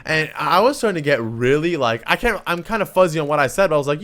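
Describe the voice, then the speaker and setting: A young man from Canada, vlogging a story in casual chat, animated and swearing freely as he acts out what people said. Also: on the high side, fast talker.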